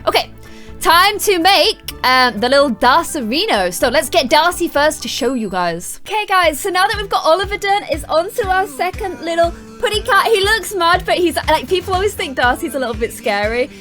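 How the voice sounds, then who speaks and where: A bubbly young woman chatting through a game at her desk mic, gushing over her cats in baby-talk. Her voice sits high and swoops up and down with lively expression. She keeps an easy, casual commentary going. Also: normal speed, faint music behind. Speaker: gaming YouTuber.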